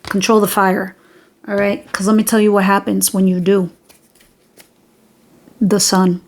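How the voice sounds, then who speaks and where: A woman's voice: mid-range voice, flat delivery, a little slow. Young woman doing a tarot reading, casual and blunt, swears now and then. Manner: direct, emphatic, talks straight to the listener. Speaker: tarot reader.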